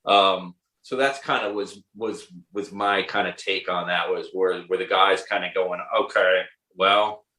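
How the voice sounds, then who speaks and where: A man, a musician guest in a casual interview, talking in a halting way as he searches for words. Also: low-pitched, fairly even intonation, sharp tone, reverberant, low-quality recording.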